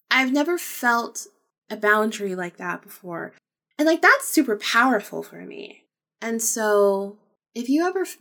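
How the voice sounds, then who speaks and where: Candid emphatic woman podcast host. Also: medium pitch. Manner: candid, emphatic, repeats phrases, swears freely. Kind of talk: casual personal storytelling.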